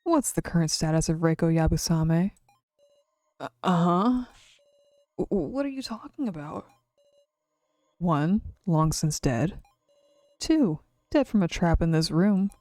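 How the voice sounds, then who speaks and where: A mocking, cruel man from a visual novel game taunts his captives like a quiz-show host, voiced by a woman reading his lines. His voice sits low and unhurried. The sound is close and dry. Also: animated, warm tone, no echo, soft background music. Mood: taunting.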